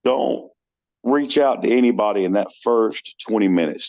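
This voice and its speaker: A man chats as a guest on a podcast, telling personal stories in an earnest way and often restarting his sentences. His voice has a gravelly, fry-laden texture and sits fairly low. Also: normal speed, a little mellow. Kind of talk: casual chat.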